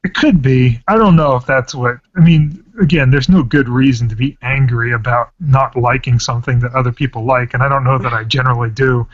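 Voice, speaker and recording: A man vents on a podcast panel in a heated, ranting way, swearing as he goes. His voice sits at an ordinary pitch. The recording is dry and dull, with a lo-fi sound. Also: steady tone, a little fast, hardly any pauses, no room sound. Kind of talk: casual chat.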